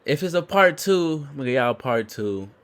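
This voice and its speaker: A man's voice: fairly high pitch, fairly quick. A man hosting a reaction video, giving casual, slangy, incredulous comments. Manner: animated, slangy, incredulous asides.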